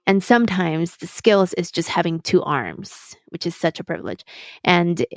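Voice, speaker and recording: A woman's voice: on the low side, expressive, normal speed, dry recording. Dry-sounding woman hosting her podcast. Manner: mixes Spanish words into English. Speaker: podcast host. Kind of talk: reflective solo podcast talk.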